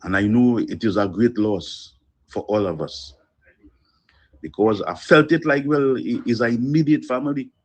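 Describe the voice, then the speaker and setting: A man leaving a phone voice note of condolence, slow, heavy and earnest, with pauses. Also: mid-range voice. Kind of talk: emotional condolence message.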